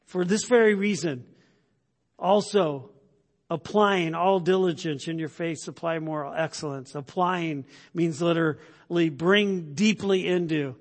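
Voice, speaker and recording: A male pastor preaching a sermon in a conversational way. He often checks in with the congregation by asking "right?", stumbles over repeated words, and builds to loud emphatic points. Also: fairly high pitch, a little slow. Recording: long hall reverb.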